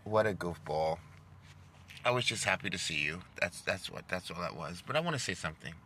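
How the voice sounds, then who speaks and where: A man's voice: deep voice, lively intonation, a little fast, pushed and bright, a little hiss or hum. A young man telling a rambling, self-deprecating story to the camera, stumbling and repeating words as he goes. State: emotional, voice dropping. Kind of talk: casual storytelling vlog.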